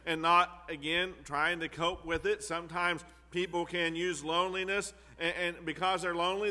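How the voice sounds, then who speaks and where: Bright-voiced male preacher in a hall. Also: a little high. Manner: earnest, repeats key phrases for emphasis. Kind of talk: sermon.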